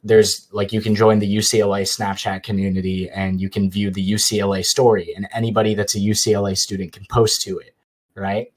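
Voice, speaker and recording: Young man, lowish voice, casual podcast chat, rambling, lots of fillers. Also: little pitch movement, a little fast. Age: young adult. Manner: rambling storytelling with many fillers. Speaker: YouTuber guest.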